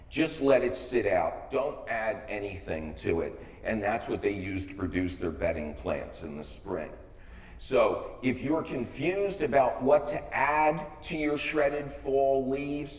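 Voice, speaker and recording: A man's voice: medium pitch, distant mic. Wry older American man, echoey hall. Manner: wry, joking, emphatic delivery. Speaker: speaker giving a talk. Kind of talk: humorous public talk.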